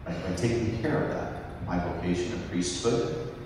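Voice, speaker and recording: A middle-aged man preaching a sermon as pastor, telling stories in a conversational, animated way through a microphone in a large church. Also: low voice, moderate pace, recorded from a distance, noisy background. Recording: echoey church picked up from afar.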